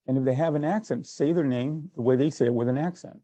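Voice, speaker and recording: A man's voice: mid-range voice, fast, few pauses, dark tone, no room sound, dull audio. A man giving a sales training workshop, conversational, acting out little exchanges as he goes. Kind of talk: workshop talk.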